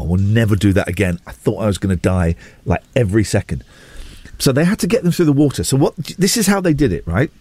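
A man's voice: on the low side, no echo. A middle-aged man, hosting a casual chat and telling stories with wry asides. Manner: animated storytelling, wry asides. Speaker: radio show host.

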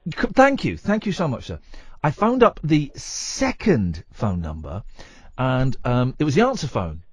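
Husky, animated male radio host. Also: medium pitch, measured pace, no echo, studio quality. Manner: rambling, playful and teasing. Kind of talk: late-night radio banter. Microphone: studio microphone.

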